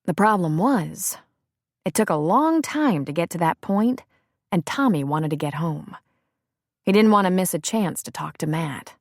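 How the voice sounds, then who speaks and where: A woman narrating an audiobook in a measured, steady storytelling manner. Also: on the low side, no echo, studio quality. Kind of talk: scripted narration.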